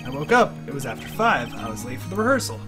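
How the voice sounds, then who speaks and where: A streamer doing a soft-hearted male TV actor from a video game, earnest and a bit sheepish, his voice pitched up and drawn out. Game music plays clearly underneath. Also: sing-song, fast talker, natural voice. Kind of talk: reading game dialogue aloud on a stream.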